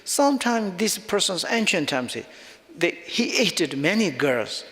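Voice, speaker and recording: A male Buddhist teacher giving a dharma talk in halting non-native English with loose phrasing, chuckling often as he explains. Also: high-pitched, very animated, sharp tone. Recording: long reverb of a large hall.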